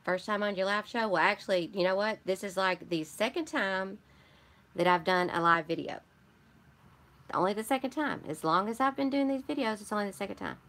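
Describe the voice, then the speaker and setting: A woman's voice: medium pitch, a little fast, a bit bright. A woman with a Michigan accent hosting a casual live stream, rambling and chatty as she greets viewers and answers their comments. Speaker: craft channel host.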